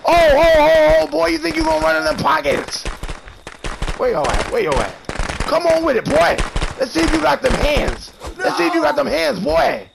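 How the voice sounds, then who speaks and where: A man's voice: extremely high pitch, very animated, moderate pace, creaky, background noise. A man streaming a horror video game who taunts, curses and mock-threatens the other players nonstop. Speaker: gamer streamer. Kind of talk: trash-talking gameplay commentary. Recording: game music playing loudly behind.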